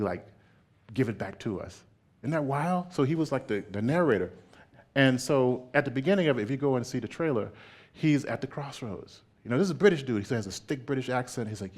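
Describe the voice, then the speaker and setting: A man giving a public artist talk in an animated way, laughing often and checking in with "right?". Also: mid-range voice.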